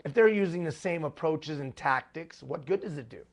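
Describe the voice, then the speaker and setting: A man's voice: a little high, animated, normal speed. A man giving a live motivational talk to executive leaders. He speaks emphatically and repeats refrains for rhetorical effect.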